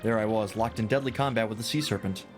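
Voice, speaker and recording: A man's voice: fairly low pitch, quick pace, soft background music, close to an everyday voice. A man playing a pompous, flamboyant rich merchant. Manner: grandiose, theatrical, formal phrasing.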